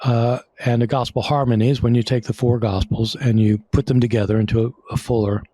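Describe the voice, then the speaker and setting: A man's voice: medium pitch, little pitch movement, brisk, warm tone, husky. A man explaining as a guest scholar in an interview, conversational, with many fillers and restarts.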